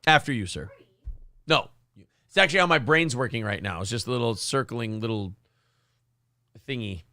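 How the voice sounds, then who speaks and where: A man's voice: medium pitch, animated, normal speed, sharp tone, no room sound. A man hosting a live show, chatting casually with crude jokes and rambling asides. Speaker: host. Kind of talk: casual live-stream commentary.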